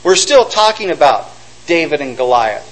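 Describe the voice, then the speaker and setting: Animated, high-voiced man preaching. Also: moderate pace, low-quality recording. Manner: animated storytelling, acting out quotes. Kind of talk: sermon.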